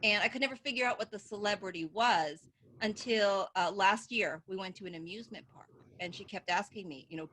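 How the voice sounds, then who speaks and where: A woman comedian telling stories in a stand-up set over a video call, animated and laughing at her own jokes. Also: mid-range voice, a little fast, slight background noise. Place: at home.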